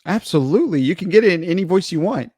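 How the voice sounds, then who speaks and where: A man's voice: sits high, animated, fast talker, warm tone, breathy edge, no echo. A man co-hosting a podcast, ranting with heavy swearing in casual banter. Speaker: podcast co-host.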